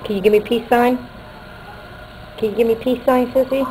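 A woman's voice: a little high, steady tone, a little fast, darkish tone, a little hiss or hum, low-quality recording. A woman filming home video, talking playfully and coaxing someone in her care. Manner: playful, coaxing sing-song toward a patient. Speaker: family caregiver. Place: clinic and bedroom. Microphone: handheld camcorder.

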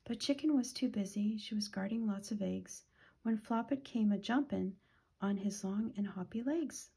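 A woman reading a children's picture book aloud, gentle and often dropping to a whisper, with a husky voice. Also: medium pitch, normal speed. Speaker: children's storytime reader.

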